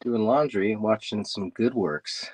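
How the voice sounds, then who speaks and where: A man, an actor and guest, chatting in a relaxed, easygoing way about a shoot on a video call. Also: fairly low pitch, husky, no echo. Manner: relaxed and easygoing, quick to praise. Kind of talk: casual chat on a video call.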